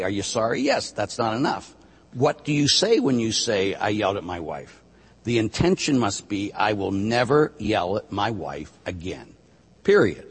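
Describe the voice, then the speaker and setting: A man's voice: mid-range voice, husky. Priest guy explaining stuff on a talk show, voice jumps all over, lots of echo. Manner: animated, emphatic, acts out penitents' lines. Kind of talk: casual teaching on a talk show. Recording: long hall reverb.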